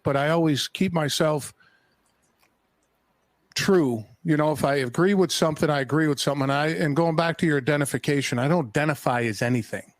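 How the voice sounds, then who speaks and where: A man's voice: on the high side, dry recording. A man from Colorado, a guest on a casual podcast, talking in a laid-back, candid way.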